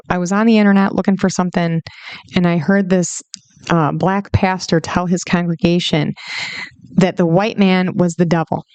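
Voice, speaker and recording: A woman's voice: on the low side, darkish tone, no room sound. A woman hosting a Christian podcast, talking straight to her listeners in an impassioned, conversational way. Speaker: podcast host. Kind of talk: casual Christian podcast monologue.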